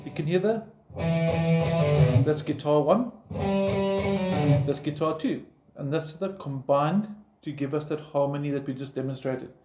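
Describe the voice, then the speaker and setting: A man with a higher-leaning voice keeps a measured pace with frequent pauses while teaching guitar step by step, patiently explaining, playing, and counting in. There's roomy echo and guitar playing behind.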